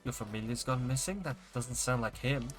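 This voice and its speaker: Man reading concerned friendly lady, quick and plain, soft music behind. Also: mid-range voice, fairly even intonation, lightly acted. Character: concerned friendly woman neighbour.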